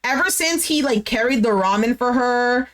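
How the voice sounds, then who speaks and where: A woman's voice: fairly high pitch, expressive, normal speed, a bit bright. A woman giving a chatty, opinionated recap of a reality show, full of slang and fillers. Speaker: recap vlogger.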